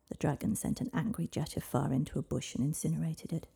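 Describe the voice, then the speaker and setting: A woman narrating a storybook in a soft, hushed voice that often drops to a whisper. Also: low-pitched, fast, gravelly, few pauses, breathy edge. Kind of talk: storybook reading.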